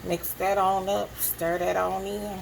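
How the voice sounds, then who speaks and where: A woman's voice: mid-range voice, little pitch movement, a little slow, vocal fry, a little hiss or hum, poor audio. A woman giving a casual cooking demonstration in her home kitchen, chatting to viewers and checking in with "okay?" as she goes. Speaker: cooking vlogger.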